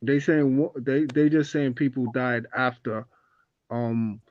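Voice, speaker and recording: A man telling a story in a casual group discussion, halting and restarting often. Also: medium pitch, steady tone. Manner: halting, restarts often, "you see what I'm saying". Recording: dull lo-fi sound.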